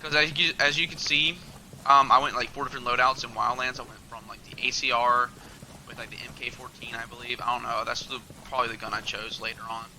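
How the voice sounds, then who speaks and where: A man's voice: medium pitch, flat delivery, fast, sharp tone, slight background noise, low-quality recording. Rambling young male gamer. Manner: rambling, loose and filler-heavy. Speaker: gaming channel host. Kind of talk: casual gameplay commentary.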